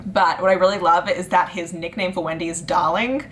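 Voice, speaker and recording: A young woman in her twenties, chatting casually to camera in a reading vlog with lots of fillers, her voice jumping high when she gets excited. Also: a little fast, slight background noise. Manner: chatty and giggly, lots of likes and ums, jumps into high pitch when excited. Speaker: book vlogger.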